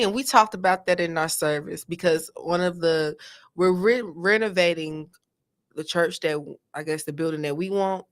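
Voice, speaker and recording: Animated woman telling stories in casual chat. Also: fairly low pitch. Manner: animated storytelling, trails off and restarts. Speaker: podcast co-host.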